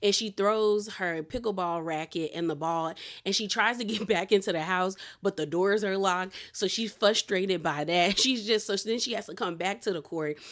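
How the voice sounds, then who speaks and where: A woman's voice: mid-range voice, normal speed, hardly any pauses, a bit bright. A woman casually recapping a reality TV episode, chatty and opinionated, with lots of "like". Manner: chatty and opinionated, heavy use of "like".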